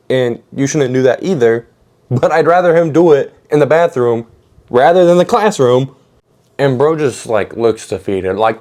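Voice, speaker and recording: Young man, story-time vlogger, animated slangy delivery with bursts of exclamation. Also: mid-range voice.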